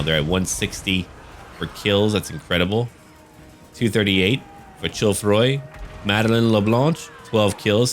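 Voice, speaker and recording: Low-voiced, jokey game commentator man. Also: fairly bright tone, slight background noise. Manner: casual, jokey, chatty. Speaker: gaming channel host.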